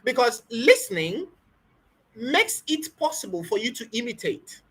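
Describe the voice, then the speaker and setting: Lively, breathy woman coaching spoken English. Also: fairly high pitch, measured pace. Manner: emphatic, repetitive, asks rhetorical questions. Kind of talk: motivational teaching talk.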